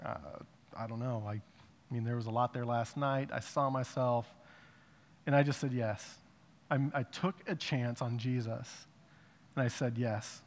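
A man giving a personal testimony in a conversational way, rising to emphatic bursts and dropping to hushed reflection. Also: medium pitch, fairly even intonation, a little slow, long pauses. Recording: long reverb of a large hall.

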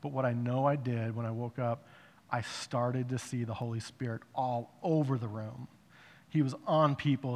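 A man sharing a spoken faith testimony in an earnest, emphatic way, with short pauses and fillers. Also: mid-range voice, fairly even intonation, long reverb tail.

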